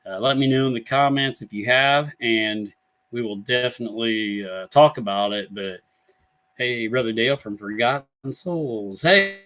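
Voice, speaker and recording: Male host for a casual live stream, loose and rambling, mid-pitched voice, heard over a computer mic. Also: pushed and bright. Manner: rambling, many fillers and restarts. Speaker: paranormal talk show host.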